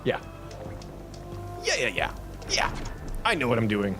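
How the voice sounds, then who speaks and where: A man's voice: medium pitch, a little slow, music in the background. A man chatting casually on a live stream while playing a game, rambling and talking to his chat. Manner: rambling, lively, talks to himself and chat.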